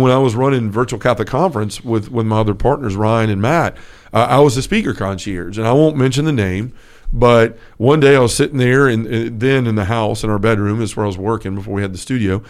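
This man, a podcast co-host on a Catholic talk show, speaks fast in a mid-range voice. He tells a personal story in an earnest, casual way, restarting often, as part of a relaxed conversation about faith.

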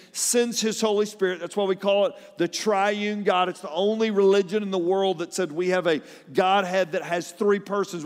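A middle-aged man, an animated pastor preaching a sermon and telling personal stories. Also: sits high, long reverb tail. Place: large church hall.

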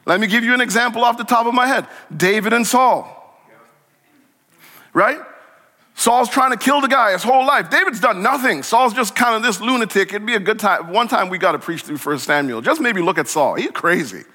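Male pastor, high bright voice, lively conversational sermon delivery, long church-hall reverb. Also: a little fast. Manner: animated, conversational preaching with acted-out dialogue. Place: church sanctuary.

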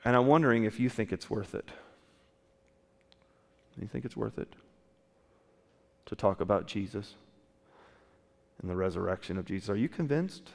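Low-voiced male pastor in a reverberant hall. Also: lively intonation, moderate pace, creaky, long pauses. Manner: asks many rhetorical questions, with restarts. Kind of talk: sermon. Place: church.

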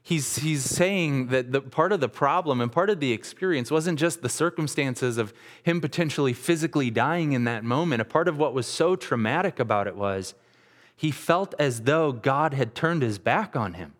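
A male pastor in his thirties delivers an earnest, conversational sermon, stumbling into restarts as he goes. His voice sits in an ordinary middle pitch. The recording carries a long reverb from a church sanctuary. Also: lively intonation, normal speed.

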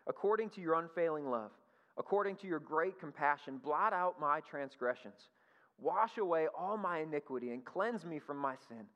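Man preaching in a reverberant church. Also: fairly high pitch. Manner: animated, asks the congregation questions. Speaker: pastor. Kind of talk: conversational sermon. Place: church hall. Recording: dull lo-fi sound with long hall reverb.

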